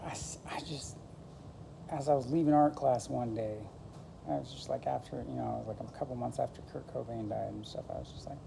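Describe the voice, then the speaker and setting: Talking to her camera in a laid-back, meandering monologue, this woman fills her speech with "like" and "you know." She has a very deep, creaky voice with a steady tone and a brisk pace, and the background is noisy.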